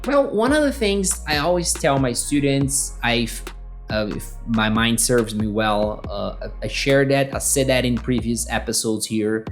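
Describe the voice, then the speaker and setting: A man's voice: medium pitch, a little slow, faint music behind. Man teaching English casually. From Brazil. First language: Portuguese. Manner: conversational, checks in with frequent tag questions. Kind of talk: solo podcast lesson.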